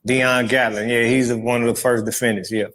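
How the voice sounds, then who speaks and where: A man's voice: mid-range voice, brisk. A man guest in an interview, telling a story casually and acting out the voices in it. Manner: animated, acts out quoted dialogue.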